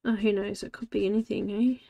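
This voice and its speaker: A woman in her forties hosts a live coloring stream, chatting casually, talking to herself, and greeting viewers by name. Her voice is medium-pitched, mellow, and creaky, with fairly even intonation and a fairly quick pace.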